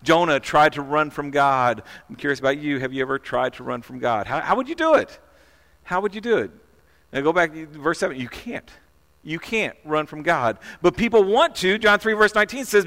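A man's voice: fairly high pitch, animated, moderate pace, fairly bright tone, in a large hall. A man preaching a sermon in a conversational way, often asking the listeners questions and repeating words as he goes. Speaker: pastor.

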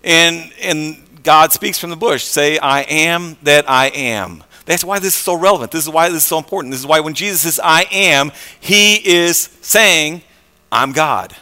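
A pastor preaching a conversational sermon, repeating words and swinging between soft and loud passages. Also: male voice, a little high, moderate pace, long reverb tail.

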